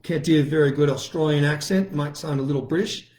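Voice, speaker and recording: A man's voice: fairly high pitch, quick pace, darkish tone. A middle-aged man from the United States, hosting his own online show and delivering a combative political monologue full of taunting, repeated challenges. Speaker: lawyer and online show host.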